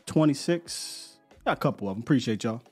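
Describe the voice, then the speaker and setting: A man's voice: mid-range voice, expressive, brisk, darkish tone, husky, soft background music. A man hosting a live podcast in casual chat, laid-back and slangy, often repeating words as he talks. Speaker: podcast host.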